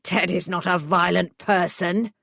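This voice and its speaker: A woman's voice: on the low side, unhurried, dry recording, clean studio sound. A woman voicing a spiteful retired male vicar who blusters and sneers, in an audiobook. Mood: dismissive. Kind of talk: audiobook character voice.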